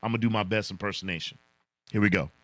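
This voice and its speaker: A man's voice: fairly low pitch, steady tone, quick pace, fairly bright tone, no echo. A man hosting a casual livestream, reading viewer comments in a laid-back way, chuckling often and saying "man" a lot. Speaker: livestream host.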